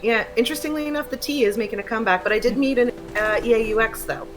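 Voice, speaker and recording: A woman chatting casually on a stream, telling stories in a lively way and laughing often. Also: a little high, rapid-fire, over music, low-quality recording. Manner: animated storytelling, laughs often. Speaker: streamer co-host. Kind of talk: casual chat. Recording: faint background noise.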